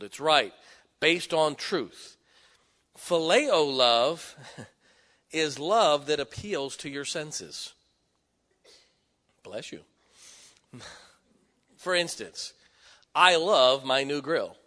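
A man's voice: mid-range voice, pushed and bright. A middle-aged man preaching a sermon, joking and folksy, with sudden emphatic rising bursts. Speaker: pastor. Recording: long hall reverb.

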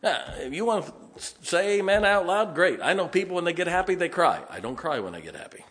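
Speaking a little fast in a high voice, a man preaches his sermon as pastor. He jokes, tells stories, and stays folksy and lively, raising his voice when he wants to stress something.

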